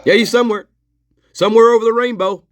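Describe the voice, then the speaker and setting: A man's voice: very high-pitched, steady tone, quick pace. A man commenting on interview footage in an angry, sarcastic, profane rant.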